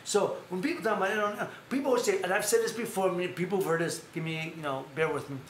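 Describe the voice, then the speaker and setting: A man's voice: sits high, rapid-fire. A man hosting a live stream, chatting casually and acting out stories with quoted voices. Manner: animated storyteller who acts out quotes in others' voices. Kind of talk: casual storytelling chat. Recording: echoey room with faint noise.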